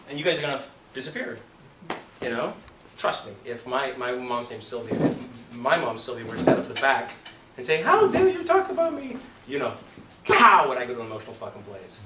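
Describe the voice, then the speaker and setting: A man teaching an acting class in a studio, telling stories animatedly, swearing and acting out scenes. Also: medium pitch. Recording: roomy, distant, noisy room recording.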